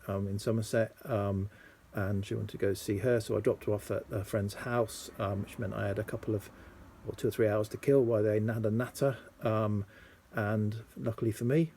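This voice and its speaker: A man chatting casually about his record finds, hesitant, with lots of ums and restarts. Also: warm tone. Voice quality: low gravelly husky voice. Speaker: vinyl collector vlogger. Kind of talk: casual rambling show-and-tell.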